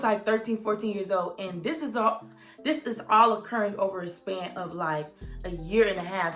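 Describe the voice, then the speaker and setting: A young woman telling a personal story in a casual vlog, animated and dramatic, with lots of "like" and "y'all". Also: medium pitch.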